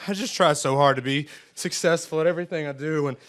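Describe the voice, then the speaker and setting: A young man, a race car driver, answers press questions in a halting, emotional way with frequent sighs. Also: on the high side, a bit bright. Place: post-race press room.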